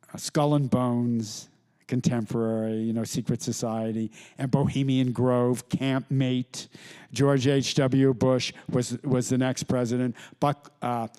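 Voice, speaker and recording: A middle-aged man, an author, telling anecdotes to a live audience, with halting restarts and quoted voices. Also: medium pitch, dark tone. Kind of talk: storytelling talk to an audience. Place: lecture hall with audience.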